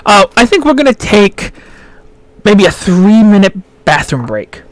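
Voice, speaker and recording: Halting man running a tabletop game. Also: high-pitched, very animated, dry recording. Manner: halting, many fillers. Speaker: game master.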